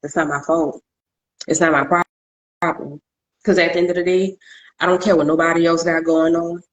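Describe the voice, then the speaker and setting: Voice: medium pitch, little pitch movement, normal speed, muffled recording. A podcast co-host sharing personal thoughts candidly, in an emphatic, repetitive, self-affirming way.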